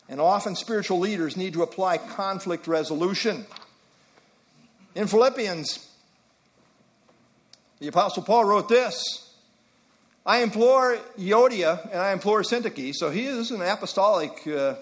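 A male pastor delivers a sermon in a conversational style, adding folksy asides and reading scripture slowly and deliberately. His voice is high-pitched and slightly bright.

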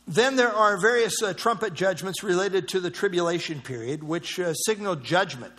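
A man's voice: high voice, normal speed, fairly bright tone. A man teaching a Bible study, reading verses aloud and explaining them in a conversational way, with fillers and restarts.

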